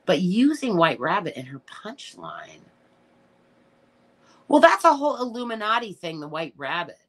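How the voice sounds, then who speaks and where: A woman's voice: on the low side, wildly swooping pitch, normal speed, long pauses. A middle-aged woman hosting a casual livestream, reading viewer comments and answering them in a blunt, emotional way with plenty of swearing. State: tearful at times. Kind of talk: casual live chat.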